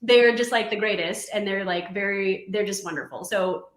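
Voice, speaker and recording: A woman's voice: mid-range voice, normal speed, background noise. A woman musician talks in an easy, rambling way and laughs often. Her voice carries a roomy echo around it. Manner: giggly and chatty, with lively laughs. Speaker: musician guest. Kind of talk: casual chat.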